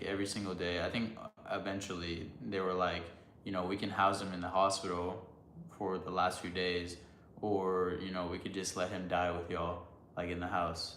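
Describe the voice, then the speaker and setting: A man's voice: sits low, fairly bright tone, slight background noise. A young man casually chatting on a livestream, answering chat in a loose, rambling way with lots of fillers. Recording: roomy sound with music behind.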